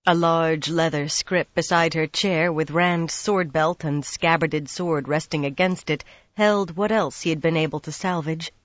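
A woman reading a fantasy audiobook in a calm, even manner. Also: deep voice, unhurried, no room sound, dull audio. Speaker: audiobook narrator. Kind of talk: scripted fantasy narration.

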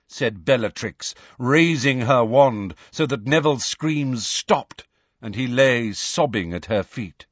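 A man narrating an audiobook in measured, expressive storytelling. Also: medium pitch, breathy edge, no echo, highs cut off.

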